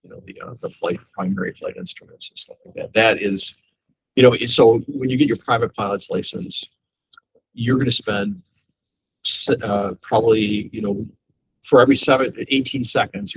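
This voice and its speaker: A man instructing a class in a casual, halting way with many fillers. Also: lowish voice, vocal fry, fairly bright tone, husky, no room sound, low-quality recording.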